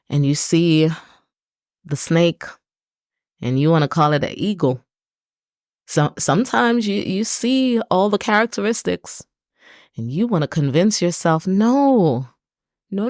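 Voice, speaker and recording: A low-pitched woman talks through a reflective solo podcast. Her voice is recorded dry and close, and she stresses her points with earnest, repeated lists. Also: dry recording. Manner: earnest, repetitive, emphatic lists. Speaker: podcast host.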